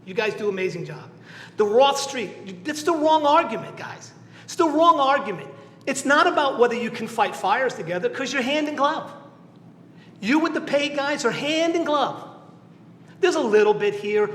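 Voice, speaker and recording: A middle-aged city council member with a Southern New England accent gives an impassioned speech at a public meeting, emotional and blunt, repeating himself for emphasis. His voice is extremely high-pitched, animated and a bit bright, at a moderate pace. The large council chamber echoes with long reverb and faint noise.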